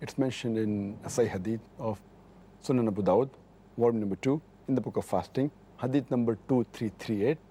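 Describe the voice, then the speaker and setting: Middle-aged scholar guy, mellow dark voice, lays out rulings and quotes hadith numbers. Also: medium pitch, slightly rough. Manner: measured, cites hadith numbers precisely, repeats points. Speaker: Islamic scholar answering questions. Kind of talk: scholarly explanation with hadith citations.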